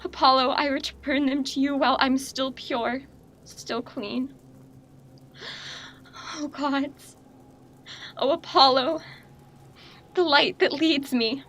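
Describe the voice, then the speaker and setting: A woman's voice: high voice, steady tone, slow pace, long pauses, fairly bright tone, slight background noise, exaggerated voice. A young woman, a student actor, playing a raving young prophetess princess in a stage tragedy, swinging between frenzied cries and grief. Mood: mournful. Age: young adult. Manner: frenzied outbursts and anguished cries.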